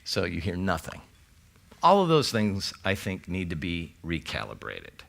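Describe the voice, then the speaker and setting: Guy preaching a sermon, kinda low voice, reads verses then chats about them. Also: huge pitch swings, gravelly, a bit bright. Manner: conversational preaching with scripture readings; quick asides to the congregation. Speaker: pastor.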